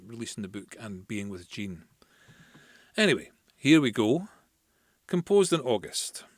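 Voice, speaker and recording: A man hosting a podcast, telling a history casually with restarts and fillers, then reading a poem slowly. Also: lowish voice, dry recording, clean studio sound. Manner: chatty, with restarts and fillers, reads verse slowly. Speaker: podcast host. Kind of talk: casual storytelling and poetry reading.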